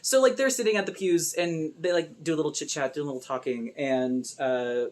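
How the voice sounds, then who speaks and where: A young woman casually recapping a movie with sarcastic, animated commentary and lots of fillers. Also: deep voice, brisk. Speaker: video essay host.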